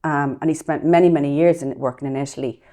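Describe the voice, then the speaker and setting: A woman with a Dublin accent co-hosting a relaxed, jokey chat show. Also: sits low, fast talker. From Dublin, Ireland. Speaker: co-host. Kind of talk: casual chat.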